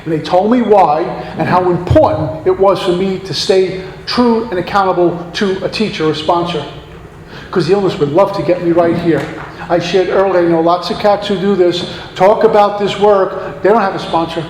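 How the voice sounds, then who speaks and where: A man's voice: high voice, moderate pace, few pauses, a little mellow. Preacherly man in an echoey hall. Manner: earnest, preacherly, rhetorical questions. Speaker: guest speaker at a recovery meeting. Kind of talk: recovery meeting share, sermon-like. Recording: echoey hall, faint background noise.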